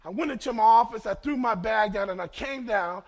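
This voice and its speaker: A man in his fifties from Los Angeles, a pastor preaching a fervent sermon that swings between shouted peaks and hushed asides. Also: high voice, fairly quick.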